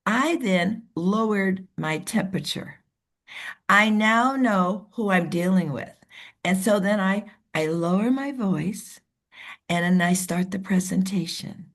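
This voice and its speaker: A woman leading a team meeting over a video call. She coaches in an animated way and acts out the voices of the people she describes. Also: mid-range voice, slow pace. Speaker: team leader. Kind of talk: motivational coaching talk.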